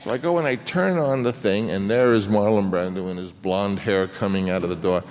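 A man's voice: fairly low pitch, darkish tone. Older man telling stories in a reverberant hall. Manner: halting, many restarts, acts out quoted voices. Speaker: film director guest. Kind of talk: anecdotal storytelling on stage.

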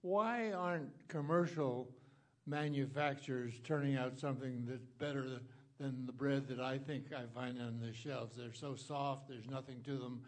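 A man's voice: medium pitch, fairly even intonation, moderate pace. A man in the audience asks his question earnestly, in a complaining tone. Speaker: audience member. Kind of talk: asking a question.

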